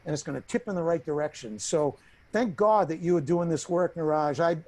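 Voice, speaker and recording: Blunt, lively male storyteller. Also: fairly high pitch, a little fast. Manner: lively, blunt, swears freely, acts out quoted people. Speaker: interview guest. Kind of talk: animated personal storytelling in an interview.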